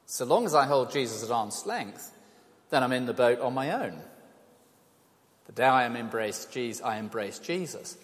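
A man's voice: medium pitch, animated, moderate pace. An older man giving an evangelistic talk to an audience, conversational and self-deprecating, telling stories with animation. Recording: reverberant hall.

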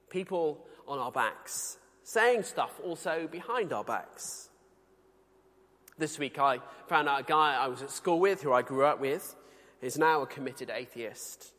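Uk guy preaching, chatty but earnest, slightly higher voice, big echoey hall. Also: lively intonation, a bit bright. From United Kingdom. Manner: conversational, earnest, slows for scripture. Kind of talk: sermon.

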